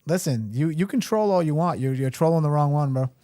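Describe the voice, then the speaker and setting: A man's voice: on the high side, brisk, mellow, no room sound, studio quality. A middle-aged man running for mayor, answering a caller bluntly and firmly on a live show. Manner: blunt, firm, indignant. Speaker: mayoral candidate, guest.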